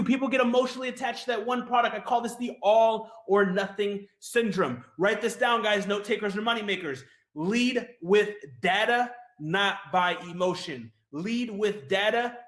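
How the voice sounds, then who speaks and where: A man's voice: sits high, a bit bright. A man giving a sales-style webinar presentation, hyped and repetitive, urging listeners to write things down. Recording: echoey room.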